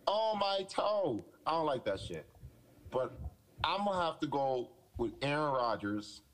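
A man co-hosting a casual football podcast, blunt and opinionated, laughing often as he argues his picks. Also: mid-range voice. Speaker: podcast co-host, Ravens fan. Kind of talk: casual sports banter.

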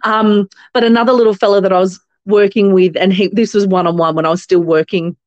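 A woman with an Australian accent and a mid-range voice talks fairly quickly as a guest on an interview podcast, where she's introduced as a company founder. She tells chatty stories full of fillers and restarts, animatedly imitating other people's voices. The recording is dry and dull.

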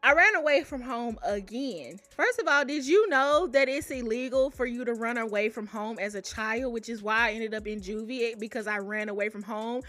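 A young woman telling personal stories in a casual, animated way, often calling out to her listeners. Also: a little high, moderate pace, few pauses, dry recording. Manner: animated, addresses listeners as y'all. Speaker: storyteller. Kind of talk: casual storytelling to camera.

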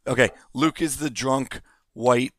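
A man's voice: medium pitch, a little slow, a bit bright, no room sound. Man, casual podcast co-host, dry teasing delivery, close dead-sounding mic. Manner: sarcastic, teasing. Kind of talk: casual chat.

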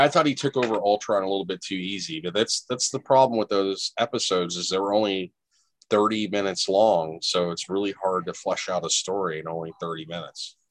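A man's voice: low-pitched, no room sound. A man hosting a casual podcast chat, giving blunt advice to his co-host.

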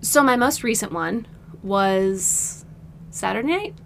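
Animated woman co-host telling a story. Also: fairly high pitch, takes it slowly, vocal fry. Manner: animated storytelling, acts out quotes. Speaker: podcast co-host. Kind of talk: casual chat.

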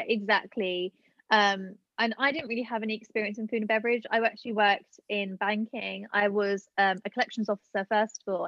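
A woman's voice: medium pitch, fairly bright tone, no room sound, dull audio. A woman in her late twenties, telling a personal story in casual chat with lots of fillers. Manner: chatty storytelling, many fillers. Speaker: guest.

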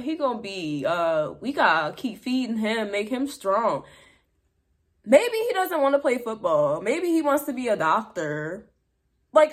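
A woman's voice: a little high, a bit bright. A young woman hosting her own show, talking straight to the camera in a loose, unscripted way. She is blunt and chatty, and she fills her speech with asides. She calls her audience "y'all.". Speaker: podcast host. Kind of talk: casual monologue to viewers.

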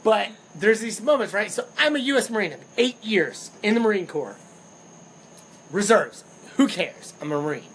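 A young man co-hosting a podcast, telling stories in animated casual chat and swearing freely. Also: high-pitched, moderate pace, a little hiss or hum, rough recording. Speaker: podcast co-host.

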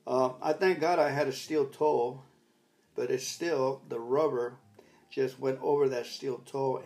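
An older man telling a rambling personal story in a casual, reflective talk. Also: medium pitch. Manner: rambling storyteller, bursts into loud commands when retelling. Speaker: recovery talk speaker.

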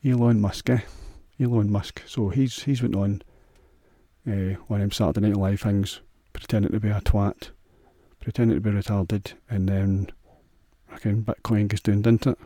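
A man's voice: fairly low pitch, fairly even intonation, moderate pace, warm tone, no room sound, studio quality. A man with a Scottish accent hosting a solo podcast, rambling in a crude, sweary, offhand way. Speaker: podcast host.

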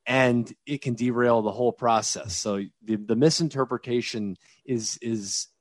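A man's voice: medium pitch, measured pace, dry recording. Man, interview guest, former teacher, lecturing cadence, dry close recording. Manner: animated, explanatory, lecturing cadence. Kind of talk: conversational interview.

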